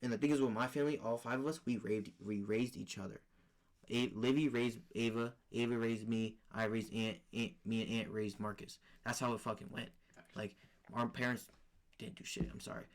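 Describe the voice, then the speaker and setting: A man's voice: mid-range voice, steady tone, moderate pace. A young man co-hosting a podcast, telling family stories in slangy, profane, candid casual chat. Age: young adult. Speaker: podcast co-host.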